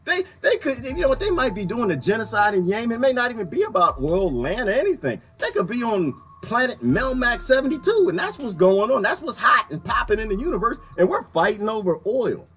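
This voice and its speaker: A man giving a casual, animated political rant to his viewers, laughing often and swinging between loud and quiet. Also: high-pitched, brisk, few pauses. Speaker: video commentator.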